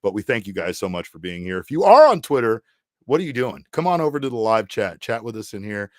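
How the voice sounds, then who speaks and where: A man hosting a live sports show in casual, joking banter, breaking into loud excited bursts. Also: fairly low pitch, fast talker, no echo, clean studio sound.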